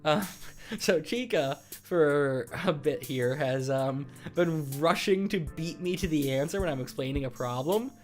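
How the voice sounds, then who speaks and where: This man hosts a live stream and chats loosely with viewers, rambling, breaking off mid-thought and laughing often. His voice sits a touch higher than most men's. Faint music plays behind him. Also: a little slow. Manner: rambling and self-interrupting, laughs often, teasing. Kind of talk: casual chat with live chat viewers.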